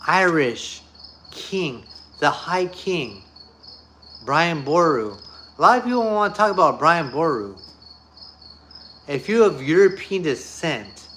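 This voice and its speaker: A man with a voice pitched a bit high rants to camera in a loose, unscripted monologue. He is blunt and profane and hammers the same phrases again and again. Faint crickets chirp behind him. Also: a bit bright, a little hiss or hum. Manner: blunt, profane, repetitive ranting. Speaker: YouTuber. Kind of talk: off-the-cuff monologue.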